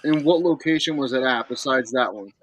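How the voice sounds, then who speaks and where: A man's voice: medium pitch, a little fast, a bit bright, breathy edge, no room sound, low-quality recording. A man hosting an interview, asking his questions politely and a little hesitantly. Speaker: host.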